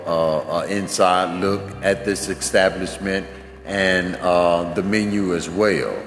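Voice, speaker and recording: Deep guy talking slow to his listeners, lots of uhs, echoey room. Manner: earnest, many fillers, repeats himself. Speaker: host. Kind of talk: casual spoken update. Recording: echoey room with long reverb.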